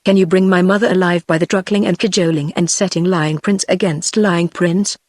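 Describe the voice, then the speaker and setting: A woman's voice: fairly low pitch, normal speed, dry recording, natural voice. A British-accented synthetic woman's voice reading the lines of a bitter, scornful king's daughter in archaic speech. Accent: British English. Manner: formal archaic speech, even delivery. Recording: dry synthetic voice.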